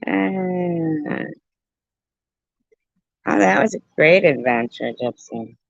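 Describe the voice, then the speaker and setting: A woman livestreamer telling a story and joking with her viewers in an animated, playful way, on a dull, dry lo-fi recording. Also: fairly low pitch, vocal fry, dry recording. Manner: animated, jokey, slow and drawn out. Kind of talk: casual storytelling and chat.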